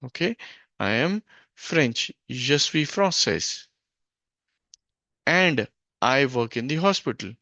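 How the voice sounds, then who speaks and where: A man teaching a French grammar lesson from a worksheet, slow and stop-start, often correcting himself, on a dull lo-fi recording. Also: medium pitch, sing-song, pushed and bright, dry recording.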